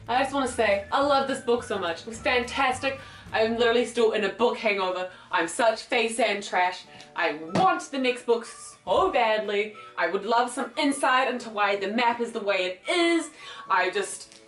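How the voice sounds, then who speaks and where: A young woman chatting in a casual book vlog, excitable and rambling, swearing freely and acting out scenes as she goes. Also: fairly high pitch, a little fast. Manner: excitable, rambling, swears a lot, acts out characters. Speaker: book vlogger. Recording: echoey room, mic at a distance, faint music.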